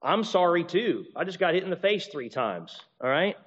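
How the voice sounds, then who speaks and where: Slightly high man preaching in a reverberant hall. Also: moderate pace. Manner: animated, acts out quoted apologies in shifting voices; frequent restarts and repeated words. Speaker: pastor or teacher. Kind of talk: sermon. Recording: dull recording with long reverb.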